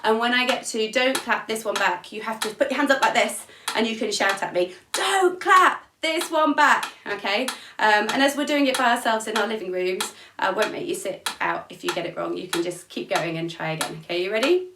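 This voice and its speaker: A woman's voice: medium pitch, brisk. A woman teaching an online music lesson for young children from her home, encouraging and counting beats aloud. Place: at home, room with instrument. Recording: echoey room, mic at a distance, noisy.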